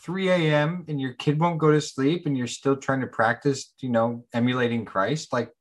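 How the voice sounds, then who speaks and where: A casual man co-hosting a podcast, with a loose, easygoing delivery and plenty of "like". His voice is husky and sits at a middling pitch. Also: moderate pace. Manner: casual, relaxed, with filler "like". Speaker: podcast co-host. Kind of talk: conversational discussion.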